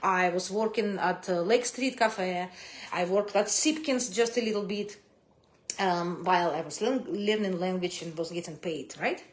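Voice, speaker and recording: Animated woman with a Russian accent. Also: moderate pace. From Kazakhstan. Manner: animated, big swings in pitch and loudness, non-native grammar. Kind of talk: casual personal storytelling to camera.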